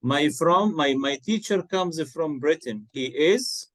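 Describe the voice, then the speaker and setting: Male tutor, slow patient delivery, slightly high pitch, spells words aloud, dry close mic. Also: expressive, a bit bright, dry recording, poor audio. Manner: patient, repeats words and spells them out letter by letter. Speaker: English tutor. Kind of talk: online one-to-one English lesson.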